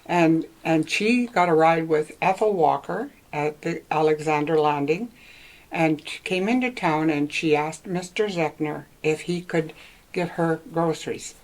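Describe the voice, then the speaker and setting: Older lady from northern ontario telling old stories, lowish voice, chatty and laughing. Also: unhurried, rough recording. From northwestern Ontario, Canada. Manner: reminiscing, rambling, laughs often. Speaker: interviewee. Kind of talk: casual oral-history interview.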